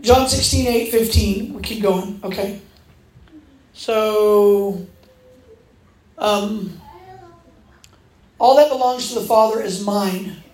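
A woman's voice: mid-range voice, takes it slowly, long pauses. A woman preaching a sermon, telling stories and acting out the voices in them. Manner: animated storytelling, acting out quoted voices. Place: church hall. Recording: echoey room.

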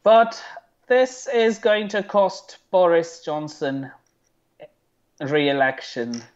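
Sarcastic London man, slow, lo-fi. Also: on the high side. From United Kingdom. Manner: sarcastic, animated. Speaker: co-host. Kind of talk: casual political chat. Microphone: headphones and desk mic. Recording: dull lo-fi sound.

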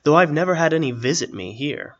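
A man voicing a blind, coughing old hermit with a raspy, muttering voice. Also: fairly high pitch, expressive, fairly quick, dull audio, pitched above the performer's own voice. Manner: muttering, wheezy.

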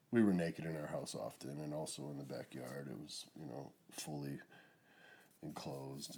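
A middle-aged man slowly telling a painful personal story, with nervous laughs and a voice that rises when the story grows tense. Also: sits low, mellow. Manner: slow, emotional retelling with nervous laughs.

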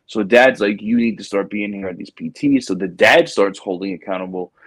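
A man with a low-pitched voice tells a story in a casual chat, acting out each person he quotes. He drops "bro" into his lines often. The sound is close and dry, with no room around it. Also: brisk, slightly rough, no echo. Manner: animated storyteller, acts out quotes, says "bro". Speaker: podcast host, Marine recruiting staff sergeant.

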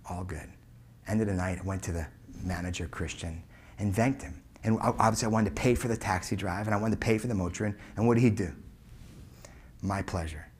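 A forties-aged keynote speaker delivers an emphatic customer service story, punctuating it with loud punches and hushed asides. His voice is on the low side, and there's a little hiss or hum in the audio.

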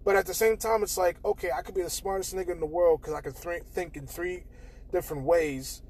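A young man hosting a casual solo podcast, talking candidly and with plenty of swearing, swinging between loud bursts and quiet mutters. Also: high voice, steady tone, fairly quick, breathy edge. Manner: candid, profane, shifts between loud outbursts and quiet mumbling. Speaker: podcast host.

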